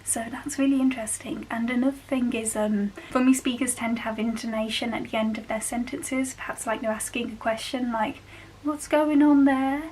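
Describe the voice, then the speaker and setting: A woman's voice: a little high, fairly even intonation, a little fast, hardly any pauses, darkish tone, slight background noise, low-quality recording. A young woman from England with a Black Country accent, chatting casually to camera as a vlogger and laughing often. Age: young adult.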